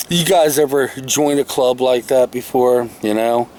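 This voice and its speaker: A man in the shade outdoors, holding his own camera, tells a casual, rambling, folksy tale from his past and self-corrects along the way. His mid-range voice is a little slow and a little mellow, with few pauses, and there's slight background noise.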